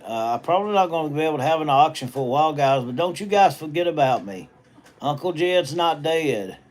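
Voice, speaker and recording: A livestream host and auctioneer, middle-aged with a Southern US accent, reads viewer comments over a phone stream from a hospital treatment room. His voice is a little high and a little mellow as he rambles in casual, folksy country talk.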